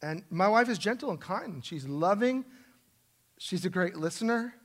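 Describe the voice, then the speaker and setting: A middle-aged man preaching a sermon in a church, emphatic and self-deprecating, swinging from loud stresses to soft asides. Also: sits high, expressive, normal speed. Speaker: pastor. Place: church sanctuary.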